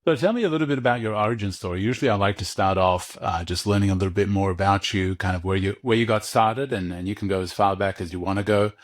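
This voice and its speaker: A man's voice: fairly low pitch, fast talker, few pauses, no room sound, studio quality. A man hosting a podcast interview, friendly and joking, laughing easily with his guest. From Australia. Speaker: podcast host.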